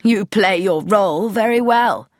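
A woman's voice: fairly low pitch, sing-song, slow pace, fairly bright tone, dry recording, studio quality, heavily acted. A woman voicing a cold, mocking middle-aged male commander who turns falsely genial, in an audiobook reading. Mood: menacing.

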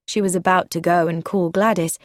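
A woman narrating a story aloud in a measured, clear, even way. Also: lowish voice, no echo, studio quality.

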